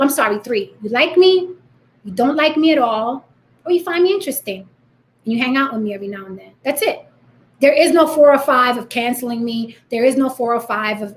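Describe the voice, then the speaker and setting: A woman in her thirties from the Bronx with a New York accent, talking bluntly and defiantly to her viewers in a vlog. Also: on the high side. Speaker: vlogger. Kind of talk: direct-to-camera rant.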